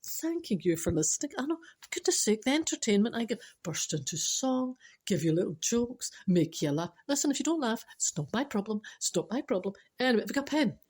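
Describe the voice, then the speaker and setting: A woman's voice: a little high, sing-song, fairly quick, a little mellow, slightly rough. A woman with a Scottish accent, a storyteller and speaker telling jokes in a chatty way, with dry wit, restarting and laughing at herself. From Scotland. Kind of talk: casual joke telling.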